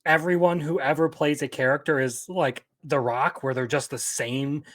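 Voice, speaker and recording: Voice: mid-range voice, steady tone, moderate pace. A co-host in a casual commentary chat, chiming in with sarcastic, laughing remarks.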